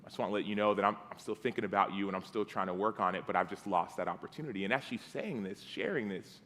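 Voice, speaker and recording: A man's voice: lowish voice, fast talker, slight background noise. Man preaching in a reverberant hall. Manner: conversational, acts out dialogue, drops to soft tones. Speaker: guest preacher. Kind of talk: storytelling sermon. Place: church sanctuary.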